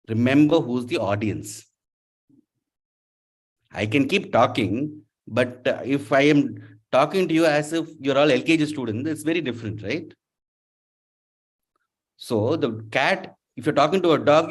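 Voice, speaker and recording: A man giving a playful, interactive storytelling lecture to a university class, often asking the audience questions. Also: medium pitch. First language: not Telugu. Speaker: guest lecturer.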